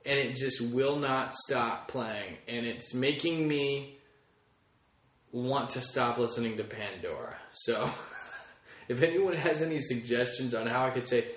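A man's voice: medium pitch, unhurried, fairly bright tone. A man hosting a comedy podcast, rambling through a chatty, casual monologue and swearing freely. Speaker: podcast host. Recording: echoey room.

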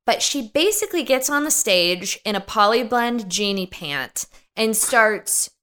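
A woman with a bright, forceful voice tells her stories in casual chat. She swears freely and swings her pitch up high for emphasis, keeping her delivery animated. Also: a little slow. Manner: profane, animated storytelling with big pitch swings. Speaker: podcast guest, commentator on influencers.

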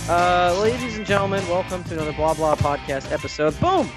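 A man's voice: high-pitched, expressive, brisk, over music. Playful man hosting a podcast. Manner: playful, laughs often, teasing. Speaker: podcast host. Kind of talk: casual podcast banter.

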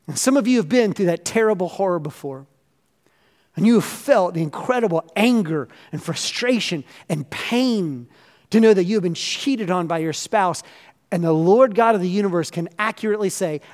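Pastor guy preaching, high voice, gets really fired up and repeats himself, long echo from the church hall. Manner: earnest and passionate, rising in emphasis, with frequent repeats. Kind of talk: sermon.

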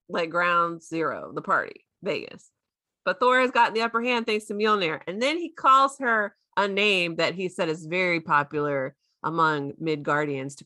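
Chatty laughing woman, bright voice. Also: lowish voice, no room sound, studio quality. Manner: chatty, laughing often, quoting characters in silly voices. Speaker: podcast co-host recapping a show. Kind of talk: casual chat.

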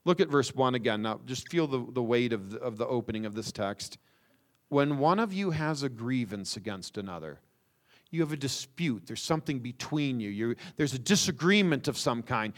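A man preaching a sermon, stressing words with slow emphasis and rhetorical questions. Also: medium pitch, expressive. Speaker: pastor.

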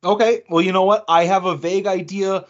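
A man's voice: high-pitched, steady tone, brisk, muffled recording. A man co-hosting a casual podcast, playful and laughing often. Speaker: podcast co-host.

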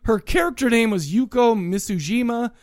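A man's voice: extremely high pitch, animated, moderate pace, dry recording, studio quality. A man co-hosting a podcast, chatting casually and jokingly about a movie, rambling and stumbling over names. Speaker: podcast co-host. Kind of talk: casual comedic movie review chat.

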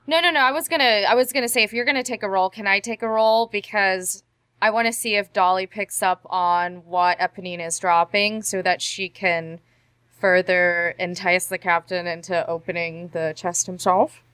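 A woman playing in a tabletop game over a remote call, speaking eagerly in quick bursts. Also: mid-range voice, fairly even intonation, fairly bright tone, smooth, no room sound. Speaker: player.

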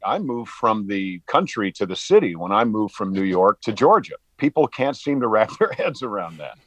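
A man's voice: fairly low pitch, big pitch swings, moderate pace, a bit bright, dry recording, poor audio. A man in his sixties, an actor and singer-songwriter, talking casually and upbeat in an interview, expansive and motivational. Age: 60s.

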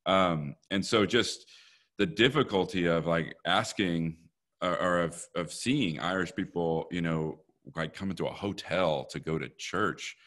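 A man's voice: low voice, measured pace, a bit bright. A young man interviewing in casual conversation, rambling, laughing often and hedging with "like".

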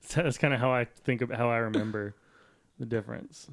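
A man's voice: mid-range voice, steady tone, brisk. A man co-hosting a casual podcast, riffing jokily on news stories. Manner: jokey, tosses off silly voices and riffs. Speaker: podcast co-host.

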